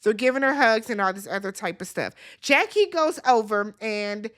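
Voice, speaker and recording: A woman with a somewhat high voice talks through an episode recap in a loose, casual way. She retells scenes as she goes and is blunt, even swearing now and then. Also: normal speed. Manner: chatty retelling, quotes people in their voices, blunt swearing. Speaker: recap vlogger.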